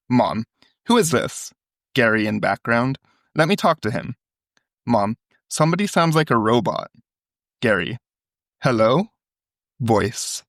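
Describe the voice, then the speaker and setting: A man's voice: mid-range voice, animated, slow, pauses often, fairly bright tone, no echo, clean studio sound. A man co-hosting a podcast, reading a phone call transcript aloud and acting out the quoted lines. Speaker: podcast co-host.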